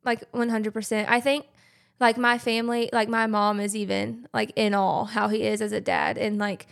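A young woman talks earnestly and openly, with plenty of "like" fillers. Her voice carries a noticeable vocal fry, and her pitch sits in an ordinary middle range. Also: little pitch movement, moderate pace. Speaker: podcast guest. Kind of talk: casual conversation.

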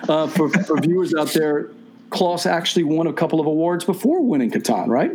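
Brisk man hosting a stream. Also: on the high side, lively intonation, darkish tone, a little hiss or hum. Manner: brisk, playful, reads out viewer questions. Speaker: show host. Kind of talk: live-streamed game show chat. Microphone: video call.

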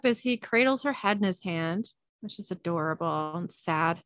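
A woman's voice: fairly low pitch, expressive, normal speed, fairly bright tone, no room sound. A woman hosting a podcast, casually recapping an episode with chatty, laughing asides. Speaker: podcast host.

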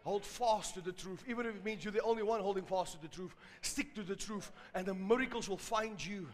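A South African man preaching a sermon, telling stories and building to loud, emphatic exhortation. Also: high-pitched, a little fast, long reverb tail.

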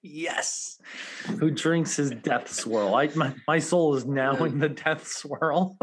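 A man in his forties co-hosting a podcast, chatting casually and telling stories with animated energy and easy laughter. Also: fairly high pitch, takes it slowly, slight background noise. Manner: animated storytelling, laughs easily. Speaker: podcast co-host. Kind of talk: casual chat.

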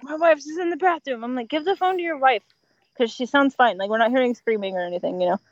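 Animated, laughing woman dispatcher telling stories. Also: high voice, quick pace, lo-fi sound. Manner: animated storyteller, laughs often, acts out quotes. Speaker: 911 dispatcher. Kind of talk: casual podcast chat.

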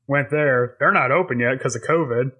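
A man's voice: medium pitch, moderate pace, dull audio. A man co-hosting a tabletop gaming podcast, chatting casually in a rambling way, swearing and laughing often. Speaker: podcast co-host and dungeon master. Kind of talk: casual chat.

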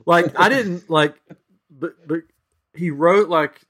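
A man's voice: fairly high pitch, takes it slowly, fairly bright tone. A man hosting a podcast, telling a travel story in a loose, rambling way with lots of restarts. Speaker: podcast host. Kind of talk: casual chat.

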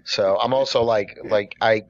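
A man's voice: lowish voice, moderate pace, highs cut off. A middle-aged man telling a work story in casual chat, rambling with lots of "like" and restarts. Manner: rambling, full of "like" and restarts, animated. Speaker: podcast co-host and coffee shop worker.

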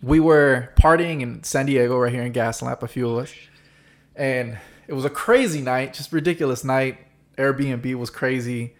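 Animated, swearing male storyteller. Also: medium pitch, moderate pace. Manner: animated, profane, acts out quotes. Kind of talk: casual storytelling chat. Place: San Diego.

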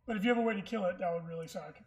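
A man's voice: high-pitched, rapid-fire, a little mellow. A man co-hosting a casual podcast, telling stories in a chatty, playful way. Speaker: podcast co-host. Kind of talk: casual chat about tabletop wargaming.

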